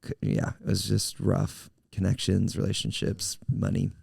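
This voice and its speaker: Guy pastor telling stories on a podcast, low gravelly voice, acts out the quotes. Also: moderate pace, no room sound, studio quality. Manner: animated storyteller acting out quotes. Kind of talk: casual podcast chat, storytelling.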